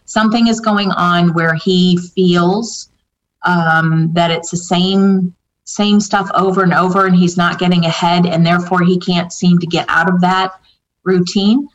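In an unhurried, steady, lowish voice, a woman gives a psychic reading to answer viewer questions. She sounds casual and unsure, full of fillers and false starts while relaying the spirits' words, on a dull lo-fi recording.

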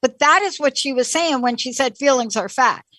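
A woman's voice: high-pitched, normal speed, fairly bright tone, no room sound. A woman host in a casual chat, talking in an enthusiastic, folksy way.

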